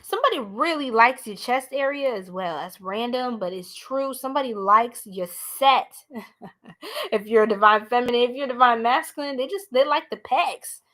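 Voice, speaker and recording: A woman with a New York accent giving a blunt, animated live tarot reading, talking straight to her viewers. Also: a little high, moderate pace. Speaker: tarot reader.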